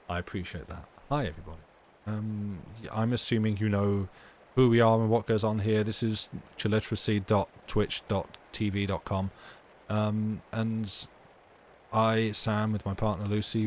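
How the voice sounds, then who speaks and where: Low-pitched guy ending his stream, teasing chat in a dry rambling way, bit of faint hiss behind. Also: a little mellow. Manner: dry, teasing banter with frequent restarts. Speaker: livestream host reading stories. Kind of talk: casual chat to live stream viewers.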